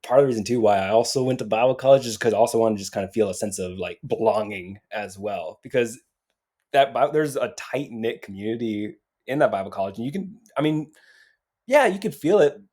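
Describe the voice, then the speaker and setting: A man talking as a podcast guest in a reflective, searching way, restarting phrases as he thinks. His voice sits fairly low. It has a warm, mellow tone. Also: lively intonation, a little fast. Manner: reflective, repeats words as he thinks. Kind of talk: casual podcast chat.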